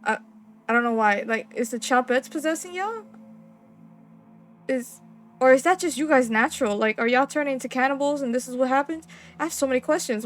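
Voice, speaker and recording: A young woman playing a horror game, reading its text aloud and reacting with excitable, slangy, swearing commentary. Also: sits high, moderate pace, faint music behind. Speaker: gaming streamer.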